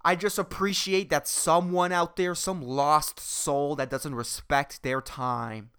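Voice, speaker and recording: A man's voice: on the high side, steady tone, slow, a bit bright, clear, resonant tone. A man hosting a solo comedy podcast, rambling, swearing constantly and joking as he goes. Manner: rambling, profane, jokey. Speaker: podcast host.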